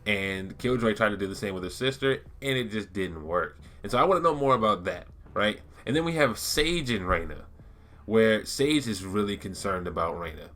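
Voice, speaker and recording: Bright-toned man rambling eagerly. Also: lowish voice, expressive, moderate pace. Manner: rambling, enthusiastic, many fillers and restarts. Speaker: gaming YouTuber. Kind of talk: casual lore-talk vlog.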